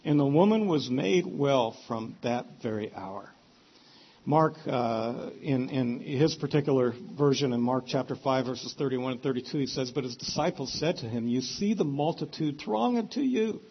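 A man's voice: moderate pace, husky, muffled recording. A man preaching a sermon, telling the story and acting out the characters' lines with sudden bursts of emotion. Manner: animated storytelling, voices the characters with sudden rises in pitch.

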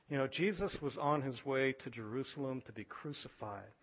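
A man preaching a sermon as pastor, animated, acting out voices from scripture. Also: a little fast, hardly any pauses, slightly rough, lo-fi sound. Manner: animated, acts out biblical voices with rising pitch.

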